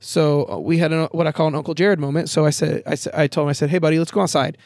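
A man's voice: fairly high pitch, little pitch movement, quick pace, darkish tone, no echo, clean studio sound. A man telling a story in a casual podcast conversation, candid and swearing freely, acting out the voices of the people in it. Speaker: podcast guest. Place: outdoors in a backyard.

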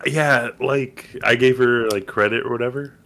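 A man's voice: mid-range voice, steady tone, moderate pace, sharp tone. A man in casual podcast talk about films, rambling a little and asking his co-hosts questions. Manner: rambling, asks questions, many fillers.

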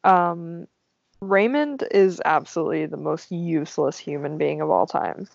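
A woman's voice: deep voice, a little slow, gravelly, no echo. A young woman co-hosting a casual movie podcast, giggly and saying "like" constantly. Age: young adult. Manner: giggly, heavy on "like". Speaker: podcast co-host. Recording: dry, muffled lo-fi audio.

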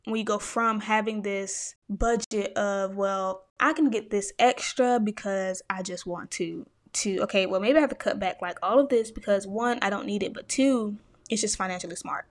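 A woman's voice: medium pitch, normal speed, hardly any pauses, dry recording, clean studio sound. A young woman hosting a podcast, sharing a personal faith story in an earnest, emotional way and speaking straight to her listeners. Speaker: podcast host.

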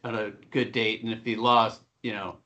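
A man's voice: on the low side, flat delivery, normal speed, pushed and bright, highs cut off. A middle-aged man co-hosting a podcast, telling rambling, profane stories in casual chat. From Buffalo, New York. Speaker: podcast co-host.

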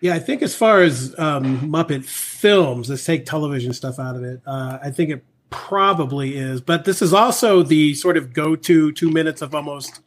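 A man's voice: on the high side, moderate pace, few pauses. A man appearing as a podcast guest while fighting a cold, talking in a friendly, self-deprecating way. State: has a head cold. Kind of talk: casual podcast chat.

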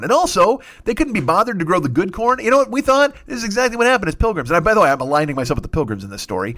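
A man's voice: high-pitched, sing-song, very fast, few pauses, fairly bright tone. A man hosting a comedy show, riffing through a profane, improvised rant and slipping into silly voices. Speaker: comedy podcast host.

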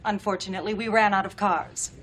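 An actress playing a flat, clipped rental clerk in a sitcom clip. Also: female voice, medium pitch, fast talker, a little hiss or hum, natural voice. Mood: curt. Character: curt, unbothered female rental clerk, adult.

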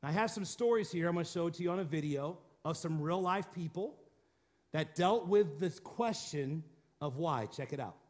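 High-voiced man preaching a dramatic sermon. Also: lively intonation, moderate pace. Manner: dramatic preaching, drops to quiet low tones for emphasis. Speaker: pastor.

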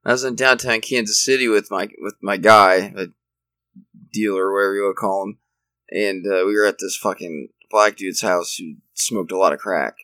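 A man's voice: lowish voice, normal speed, bright, forceful tone, no room sound, rough recording. A young man telling rambling, profane stories in casual chat.

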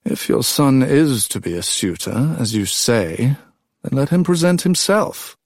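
A man's voice: lowish voice, animated, measured pace, darkish tone, dry recording, clean studio sound. A man doing a cool, unreadable king. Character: mild, guarded older king.

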